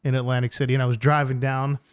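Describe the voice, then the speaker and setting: A man from New York co-hosting a casual podcast chat, blunt and deadpan as he tells joking stories. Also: medium pitch, quick pace, clear, resonant tone. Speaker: podcast co-host.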